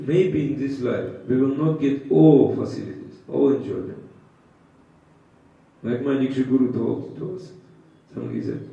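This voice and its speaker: A man with a dark, gravelly voice gives a devotional scripture class in halting, broken English, pausing often with filler sounds. He sounds far from the mic, and the dull recording rings with heavy room echo. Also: mid-range voice. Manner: halting, frequent uh pauses, simple broken English. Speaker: spiritual teacher giving a scripture class. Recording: echoey, dull, distant hall sound.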